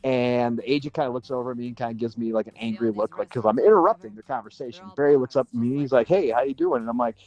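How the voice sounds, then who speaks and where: Animated man telling a story. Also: medium pitch, rapid-fire, few pauses, highs cut off. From Minnesota, USA. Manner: animated, swears casually, acts out other people's lines. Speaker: livestream panelist. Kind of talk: casual storytelling on a livestream.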